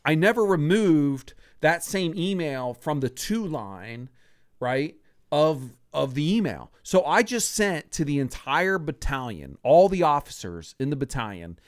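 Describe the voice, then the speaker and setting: A man in his sixties hosting a podcast, telling a story from his own life in a casual, animated way, acting out what people said and often laughing. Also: fairly high pitch, unhurried, dry recording, clean studio sound. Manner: animated, acts out quoted lines, laughs often.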